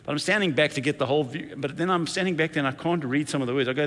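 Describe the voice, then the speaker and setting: A man's voice: a little high, racing, few pauses, a bit bright, long reverb tail. A man preaching a sermon as senior pastor, telling stories and acting out the quotes in playful voices. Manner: storytelling with playful acted-out quotes.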